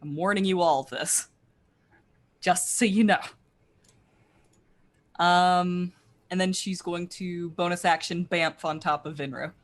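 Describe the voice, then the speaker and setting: A woman playing in a tabletop game, excitable and prone to loud outbursts. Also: fairly low pitch, unhurried, pauses often. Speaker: player.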